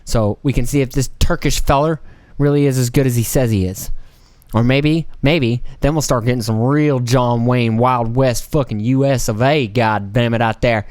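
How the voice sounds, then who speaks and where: A man's voice: mid-range voice, fairly even intonation, normal speed, darkish tone, no room sound, clean studio sound. A man hosting a casual solo podcast, rambling and joking with plenty of profanity and playful mock voices. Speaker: podcast host.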